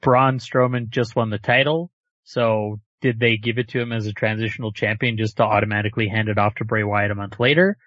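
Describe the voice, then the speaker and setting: A man on a casual chat panel, speaking in a measured way and hedging his calls. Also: fairly low pitch, steady tone, a bit bright, no room sound. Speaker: podcast panelist. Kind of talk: casual wrestling prediction chat. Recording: dull lo-fi audio.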